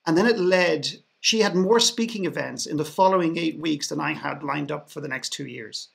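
A man's voice: fairly high pitch, normal speed, gravelly, a bit bright. An Irish man, a podcast guest, telling a story in a sarcastic way, often restarting his sentences. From Ireland. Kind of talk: storytelling in a panel conversation.

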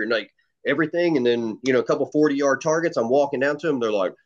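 This man, a competitive shooter appearing as a podcast guest, talks fast and with a lot of animation at a medium pitch. He rambles through stories casually, swearing and packing in fillers. The audio is dull and lo-fi.

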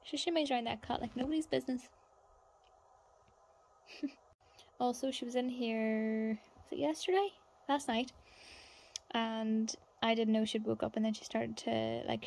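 A woman's voice: a little high, steady tone, moderate pace, vocal fry, long pauses, a little mellow. A young woman, chatting casually at home as a mother vlogging, dropping into sing-song baby talk. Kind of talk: casual vlog chat. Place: at home, indoors.

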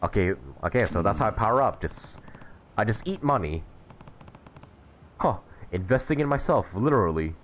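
A man's voice: moderate pace, long pauses, a little hiss or hum, natural voice. A man voicing a stoic, curt young street fighter in a game. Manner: flat, terse, low-key.

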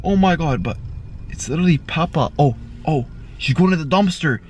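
A man giving excited vlog commentary from inside a car, repeating himself with constant exclamations. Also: fairly high pitch, moderate pace, muffled recording, slight background noise. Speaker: YouTuber.

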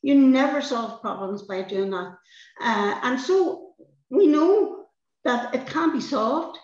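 A woman's voice: sits high, expressive, slow, a little mellow. Older Northern Irish woman, fiery and emphatic, on an echoey, lo-fi call. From Northern Ireland. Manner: emphatic, passionate, repeats words when stirred. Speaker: guest, peace activist. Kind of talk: impassioned conversation. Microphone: video call. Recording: roomy, dull lo-fi webinar audio.

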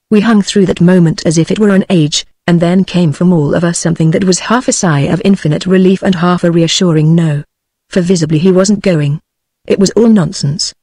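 British female text-to-speech narrator, even and measured, dry close sound, audiobook reading. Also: lowish voice, no echo. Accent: British English. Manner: even, measured synthetic delivery.

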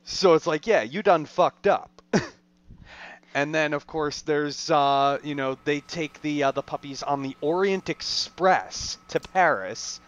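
A man's voice: fairly high pitch, takes it slowly, a bit bright, smooth, muffled recording. A man co-hosting a podcast, chatting casually about a film in a rambling way full of fillers. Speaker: podcast co-host.

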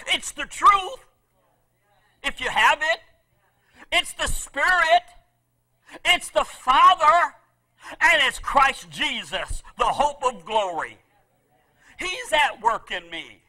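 Very high, bright-voiced preaching man. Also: poor audio. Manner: impassioned preaching with repeated phrases; swings between loud emphasis and soft asides. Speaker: pastor. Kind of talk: sermon.

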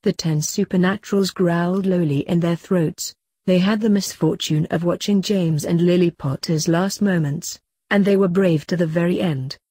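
A woman reading fanfiction aloud in a steady, even narration. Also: fairly low pitch, moderate pace, breathy edge, no room sound. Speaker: fanfiction reader.

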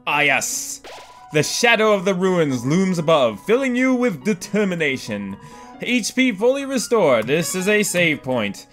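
An excitable, goofy man commentating his own gameplay, prone to sudden loud whoops. His voice sits a little high and swings widely in pitch. Faint game music plays underneath. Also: unhurried. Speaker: let's-play host.

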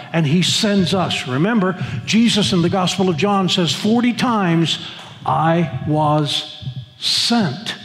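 A man's voice: high voice, in a large hall. A male pastor preaching a sermon emphatically, often restarting his phrases. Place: church sanctuary.

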